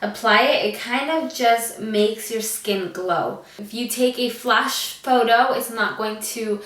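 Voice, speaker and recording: A woman's voice: on the high side, slow pace, fairly bright tone. A woman beauty vlogger talking casually to camera, chatty with lots of fillers and a little out of breath. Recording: echoey room, voice from a distance.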